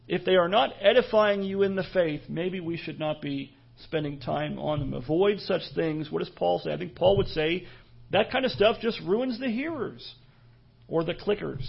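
A pastor preaching a sermon in an earnest, measured way, pausing and restarting as he goes. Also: high voice, vocal fry, slightly rough, muffled recording.

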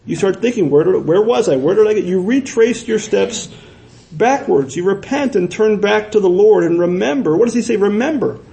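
Pastor, male, earnest sermon delivery with rhetorical questions; dark, mellow tone. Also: sits high, creaky, rough recording. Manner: earnest, repeats words for emphasis, asks rhetorical questions.

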